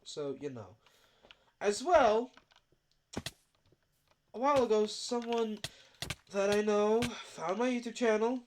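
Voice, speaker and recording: Stuffy-nosed gamer over loud typing. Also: mid-range voice, lively intonation, takes it slowly, pauses often, slight background noise. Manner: rambling, with many fillers. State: stuffy nose. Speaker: gaming video creator. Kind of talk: casual commentary over gameplay. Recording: loud keyboard typing and clicks.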